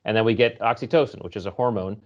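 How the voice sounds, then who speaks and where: A man being interviewed as a guest author, explaining ideas and telling stories in a lively conversational way. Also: on the low side, quick pace, dull audio. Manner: storytelling, explanatory, animated when recounting.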